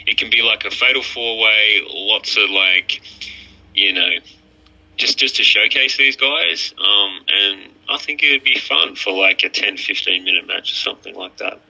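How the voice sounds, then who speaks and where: A man's voice: on the low side, moderate pace, gravelly, pushed and bright. A man chatting crudely as a podcast guest, often stammering and restarting. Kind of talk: casual podcast chat. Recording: lo-fi muffled mic.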